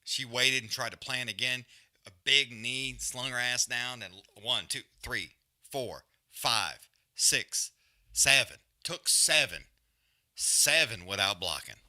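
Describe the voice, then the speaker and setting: A man's voice: medium pitch, slow, sharp tone. A man hosting a live fight watch-along, breaking down the action in loose, profane, slangy commentary.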